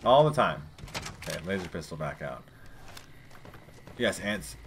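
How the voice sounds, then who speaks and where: Man, low-pitched voice, casual let's play commentary, profane, rambling, chatty with viewers. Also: big pitch swings, a little slow, a little hiss or hum. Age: adult parent.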